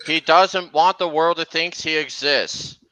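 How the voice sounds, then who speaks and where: A man chats casually while streaming a game, often talking over his friends. His voice is bright and sits somewhat high. He keeps the conversation going as host. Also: unhurried, dry recording. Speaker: streamer hosting a gameplay chat. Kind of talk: casual livestream chat over gameplay.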